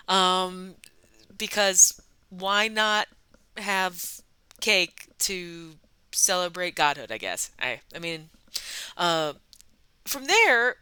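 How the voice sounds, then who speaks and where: A woman hosting her own soda review channel, talking in an easy, offhand way full of ums and dry quips. Her voice is bright and sharp with a smooth, clear tone. The sound is dry and close, with no room echo. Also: medium pitch. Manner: wry asides, many ums and uhs. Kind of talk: casual history chat.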